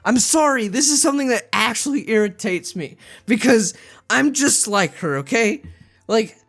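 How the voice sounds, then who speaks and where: Visual novel reader, rambling asides, mid-pitched voice, faint music behind. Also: expressive, moderate pace, a bit bright. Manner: rambling asides full of "like" and "okay?". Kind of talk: reading a visual novel aloud with commentary.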